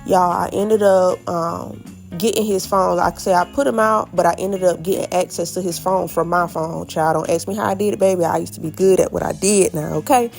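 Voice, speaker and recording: A young woman from Florida, chatting casually to her viewers in a storytime vlog, animated and talking straight to the audience. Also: fairly low pitch, a little fast, vocal fry, soft background music. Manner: animated, addresses viewers as y'all, acts out quotes. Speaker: vlogger.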